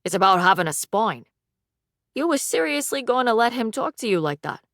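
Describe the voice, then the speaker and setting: A man's voice: sits high, very animated, moderate pace, a bit bright, no echo, clean studio sound, pitched above the performer's own voice, full character voice. A woman voicing a bitter, defensive young male alchemist in an audiobook. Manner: defensive, wistful. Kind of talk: audiobook dialogue.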